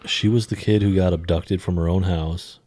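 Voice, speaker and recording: A man with a very low voice holds a casual, profane podcast chat. His speech swings between low mumbles and sudden loud bursts. The recording is dry and close. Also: steady tone, moderate pace, no room sound. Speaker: podcast co-host.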